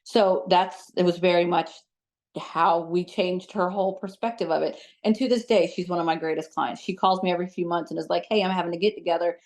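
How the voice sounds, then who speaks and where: A woman who works as a psychic medium, telling stories as an interview guest in a chatty, animated way with lots of fillers. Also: fairly low pitch, brisk. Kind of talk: casual storytelling in an interview.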